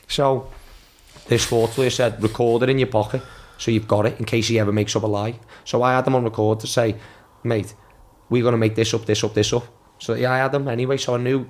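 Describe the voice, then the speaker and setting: Here a podcast guest in his twenties, once a footballer, swaps casual stories, cursing freely, starting sentences over and shouting out quoted lines. He talks fast in a medium-pitched voice with fairly even intonation.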